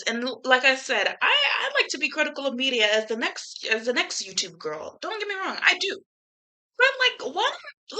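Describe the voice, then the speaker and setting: Young woman, YouTuber, casual chat, bright forceful voice, animated, slangy, swears freely. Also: fairly high pitch, rough recording. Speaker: YouTuber reviewing a film. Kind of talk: casual chatty movie review.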